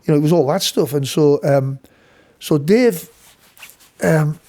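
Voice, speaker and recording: A man's voice: on the high side, measured pace, mellow. A man, a session guitarist from England, telling a studio story casually with many restarts and some swearing.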